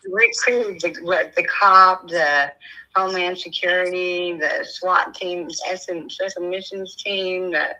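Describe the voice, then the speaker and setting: A woman's voice: lowish voice, fairly even intonation, takes it slowly, bright, forceful tone, poor audio. An older woman chatting casually as a stream host, telling stories and laughing often. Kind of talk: casual chat.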